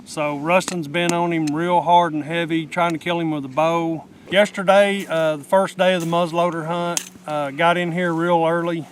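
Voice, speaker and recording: A middle-aged man talking outdoors in a hunting vlog, telling a story in a plain-spoken, excited way. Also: fairly high pitch, moderate pace, few pauses, a little hiss or hum. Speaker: hunter. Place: outdoors in the woods.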